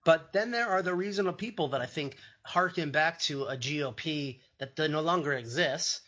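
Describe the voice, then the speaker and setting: Man in his forties, comedic podcast host, bright edgy tone, rambling joke-heavy delivery. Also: a little high, moderate pace, muffled recording. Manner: joking, rambling, animated. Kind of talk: casual comedic political chat.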